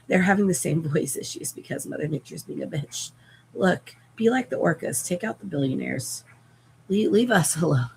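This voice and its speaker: Gravelly-voiced woman chatting on a live stream. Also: low voice, slight background noise, poor audio. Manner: rambling, self-deprecating, swears casually. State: voice cracking and giving out. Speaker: crafting livestreamer. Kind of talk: casual live-stream chat while sewing.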